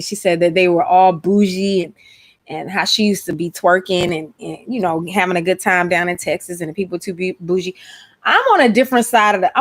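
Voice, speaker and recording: A woman with a Georgia accent hosting a casual live stream, chatty and slangy. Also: fairly low pitch. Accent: Georgia, US South. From Atlanta, USA. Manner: chatty, lively, slangy, exclamatory. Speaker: host.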